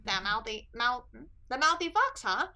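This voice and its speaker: Brash game guard, woman reading, mocking and loud, bright tone. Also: fairly high pitch, big pitch swings, moderate pace, soft background music, heavily acted. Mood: smug.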